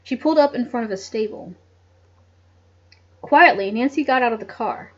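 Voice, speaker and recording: A woman's voice: fairly high pitch, lively intonation, normal speed. A woman reading a mystery novel aloud at home, breaking off for giggly, chatty asides. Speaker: audiobook reader. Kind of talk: casual read-aloud with asides. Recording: dull lo-fi home recording.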